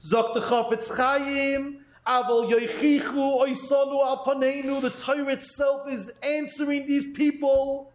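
A man giving a sermon-style Torah talk, reading Hebrew phrases slowly and then translating them quickly into English. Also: extremely high pitch, little pitch movement, roomy sound. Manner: acts out doubters' voices in quotes.

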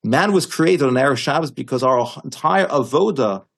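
A man's voice: medium pitch, lively intonation, normal speed, creaky. A man giving a Torah class as a teacher, telling stories animatedly with frequent restarts and emphatic quotes.

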